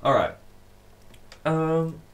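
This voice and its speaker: Slow-talking male DJ on a livestream. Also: fairly high pitch, expressive. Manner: rambling, many fillers, reading fan comments aloud. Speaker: DJ and producer livestreaming to fans. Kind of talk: casual livestream chat.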